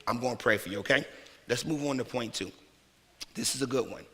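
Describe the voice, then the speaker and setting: Bright-voiced preacher man in a reverberant hall. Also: medium pitch, a little fast. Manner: conversational, colloquial preaching with playful put-on voices. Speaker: minister. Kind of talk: lively sermon with acted asides. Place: church sanctuary. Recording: long hall reverb from church sanctuary.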